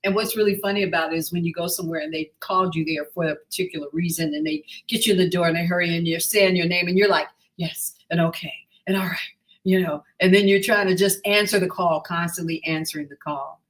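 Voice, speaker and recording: A woman's voice: lowish voice, fast, rough recording. A woman hosting a talk show over a video call, asking long rambling questions with many restarts and asides. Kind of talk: casual interview chat.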